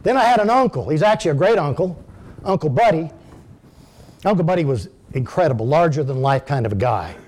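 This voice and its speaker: A man's voice: fairly high pitch, lively intonation, fairly quick, a little mellow. Folksy older man preaching. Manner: folksy storytelling, addresses the audience directly. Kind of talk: sermon with personal stories.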